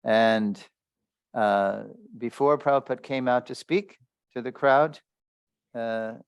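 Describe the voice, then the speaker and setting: Creaky-voiced man telling a story. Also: mid-range voice, takes it slowly, dry recording. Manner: anecdotal, chuckling, many fillers. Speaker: spiritual teacher. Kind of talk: storytelling lecture.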